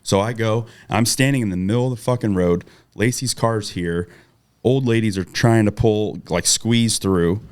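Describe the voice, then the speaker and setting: A middle-aged man from Southern California casually telling a profane story as a podcast guest, acting out quotes loudly. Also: on the low side, normal speed, clear, resonant tone.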